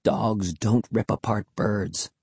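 A jumpy, frightened young boy, as a man reads him in an audiobook speaks in a hushed, anxious, drawn-out way. The voice is husky, set at an ordinary pitch and recorded dry and close. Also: lively intonation, no echo, heavily acted. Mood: nervous.

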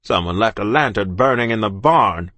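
A stern, silver-haired sea captain, played by a man, with an icy, curt manner. He barks short, snarling questions in a hard, forceful tone. The sound is dry and close. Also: fairly low pitch, a little fast, no room sound. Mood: cold, snarling. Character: cold, stern older male ship captain.

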